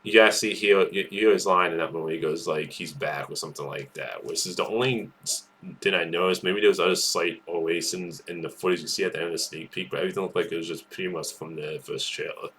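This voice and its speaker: Low-voiced man rambling about a film clip. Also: steady tone, fast, a bit bright. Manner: rambling, enthusiastic, many restarts and fillers. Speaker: movie news host. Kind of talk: casual solo commentary.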